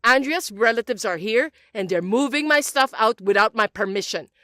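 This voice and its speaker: A woman's voice: a little high, lively intonation, normal speed, bright, forceful tone, no echo, clean studio sound. A woman voicing an older mother-in-law who is domineering and accusing, in a dramatized story reading. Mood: self-pitying. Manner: indignant, accusing, whiny.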